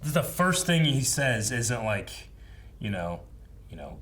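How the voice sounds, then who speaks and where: Faint background noise accompanies a young male reaction-show co-host musing casually and leaning on many fillers in a relaxed discussion. His medium-pitched voice is a bit bright, swings widely in pitch, and keeps a measured pace.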